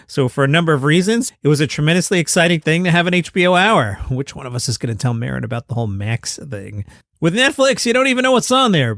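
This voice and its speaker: A man's voice: a little high, fairly bright tone, no echo, studio quality. A man hosting a comedy news podcast, reading reviews aloud with wry, sarcastic asides. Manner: wry, sarcastic asides between read quotes.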